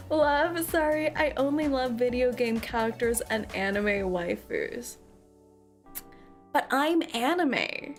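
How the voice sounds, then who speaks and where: High-voiced playful woman streamer. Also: lively intonation, slow, soft background music. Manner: playful, theatrical, teasing. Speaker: VTuber streamer. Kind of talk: casual live-stream chat with viewers.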